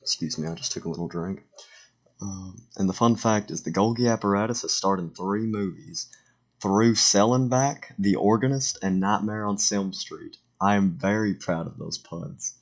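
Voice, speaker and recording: A teenage boy with a low, gravelly voice narrates a school slideshow into a home computer mic. He stumbles over words, corrects himself, and slips in joking asides. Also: moderate pace. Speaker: student presenter.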